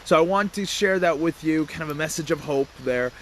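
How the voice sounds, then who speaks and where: On the high side, this man's voice relays a property investment story in a relaxed way, voicing the characters in quick asides with a laugh. He breaks off to greet passers-by as he goes, with a faint hiss or hum in the background.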